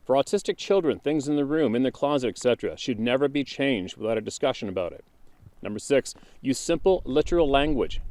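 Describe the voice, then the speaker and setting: A man hosting his channel, reading a viewer's email aloud in a measured, list-like way, then musing hesitantly with fillers. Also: medium pitch, a little mellow, no echo.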